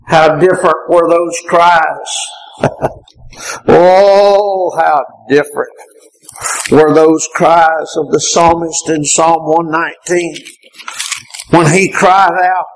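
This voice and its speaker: A man preaching a fervent sermon, repeatedly rising into impassioned shouts. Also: fairly high pitch, low-quality recording.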